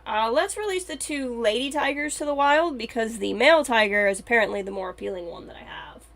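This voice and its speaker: A woman's voice: fairly high pitch, a little fast, a bit bright. A woman streamer chatting casually and thinking aloud as she plays a game on a live stream.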